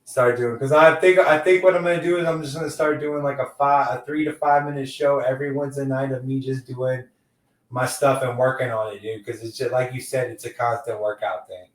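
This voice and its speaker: A man's voice: mid-range voice, steady tone, a little fast, recorded from a distance. A man hosting a casual podcast interview, loose and rambling, tossing in "dude" a lot. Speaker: podcast host. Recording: echoey room, off-mic.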